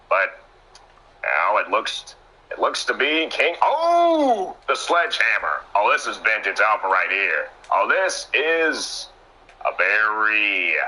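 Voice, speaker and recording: Bright, excitable wrestling commentator man. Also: rough recording. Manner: excitable, exclamations and sudden pitch jumps. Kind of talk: play-by-play commentary.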